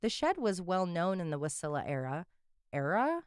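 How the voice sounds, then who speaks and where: A woman co-hosting a podcast, chatting casually as she reads a story and often giggling and tripping over words. Her pitch swings in a lively way, and the sound is dry and close. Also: normal speed, clean tone, no room sound. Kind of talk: casual chat while reading a story.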